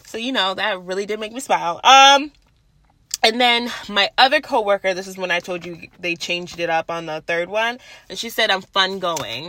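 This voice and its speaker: A young woman hosting her own podcast, chatting casually and bluntly with a loud voice and plenty of swearing. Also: mid-range voice, normal speed. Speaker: podcast host. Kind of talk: casual solo podcast chat. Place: at her workplace.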